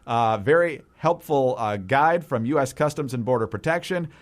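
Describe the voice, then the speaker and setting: A man co-hosting a political talk show, reading out figures in a relaxed way with frequent filler sounds. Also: medium pitch, normal speed. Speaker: podcast co-host. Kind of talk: casual political commentary.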